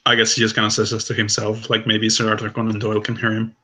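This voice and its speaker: A man's voice: lowish voice, monotone, fast talker, pushed and bright. A man playing a tabletop role-playing game, rambling and giggling as he describes his character. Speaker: player. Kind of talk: casual tabletop role-play.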